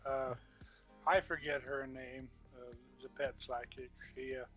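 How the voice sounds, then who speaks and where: A man's voice: medium pitch, flat delivery, measured pace, a bit bright, faint music behind. A man chatting casually on a livestream, retelling things with amusement.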